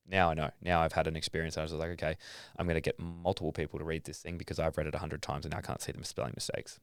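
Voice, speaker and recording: A man's voice: a bass voice, little pitch movement, quick pace, smooth, no room sound, studio quality. An Australian man, a young adult athlete, talking casually as a podcast guest, swearing now and then and acting out his own thoughts. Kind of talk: casual interview talk.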